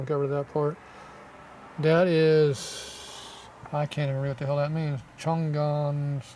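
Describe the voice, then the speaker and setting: A man with a scratchy throat rambles through viewer comments, offhand and gruff, muttering asides as he goes. His voice is mellow yet sits a touch high. He sounds slightly distant from the microphone. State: scratchy throat, frequent throat clearing. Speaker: channel host reading viewer comments.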